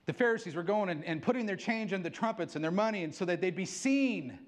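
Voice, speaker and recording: An animated middle-aged man preaching a sermon in a fairly high voice. His pitch swings widely as he gets excited and acts out little exchanges. The delivery is casual and energetic. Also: quick pace. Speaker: pastor.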